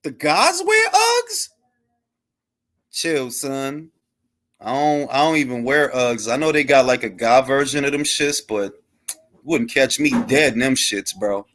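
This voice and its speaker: A man's voice: mid-range voice, moderate pace, a bit bright. A man hosting a boxing talk show, chatting loosely with slang and jokes. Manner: loose, joking, slangy banter. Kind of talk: casual live-stream chat.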